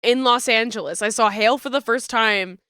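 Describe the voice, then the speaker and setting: A woman's voice: a little high, moderate pace, sharp tone, clear, resonant tone, no room sound, clean studio sound. A woman streaming from her home desk setup, chatting casually with viewers, stuffy and congested, laughing often.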